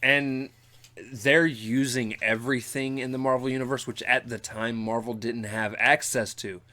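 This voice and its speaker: A man hosting a casual podcast, speaking at an ordinary pitch. He walks through plot points in a relaxed, unhurried way, with plenty of filler words between his thoughts. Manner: relaxed, detailed retelling with fillers. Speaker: podcast host. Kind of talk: casual chat, recapping episodes.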